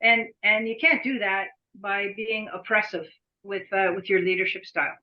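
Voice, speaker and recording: A woman's voice: medium pitch, normal speed. A middle-aged woman leading an agency, talking earnestly as a podcast guest and often repeating words as she searches for them. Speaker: executive director, podcast guest. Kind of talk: reflective conversation. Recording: dull lo-fi sound.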